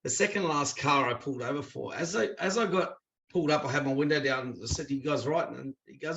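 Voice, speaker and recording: Aussie bloke, bit of a high gravelly voice, chatty yarn-spinner doing the voices of people in his stories. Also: a little fast. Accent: Australian. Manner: chatty, acts out quoted dialogue with lively voices. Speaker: interview guest. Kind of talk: casual storytelling.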